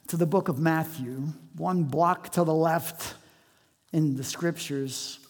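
Sermon preacher, mid pitch, dramatic loud-to-hushed dynamics, drawn-out emphasis, big hall echo. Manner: dynamic, swings between loud emphatic lines and hushed low drops; slows and stretches words for emphasis. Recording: long hall reverb.

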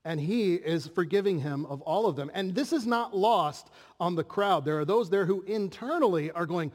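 Pastor preaching in a reverberant hall. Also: male voice, high voice, animated, normal speed, hardly any pauses. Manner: earnest preaching with rhetorical questions to the audience. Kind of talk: sermon.

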